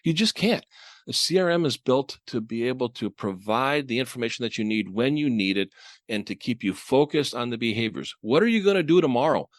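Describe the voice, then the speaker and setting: A man's voice: medium pitch, expressive, a little fast, no room sound, clean studio sound. A man co-hosting a podcast in casual discussion, talking animatedly, chuckling often and acting out imagined dialogue. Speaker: podcast co-host.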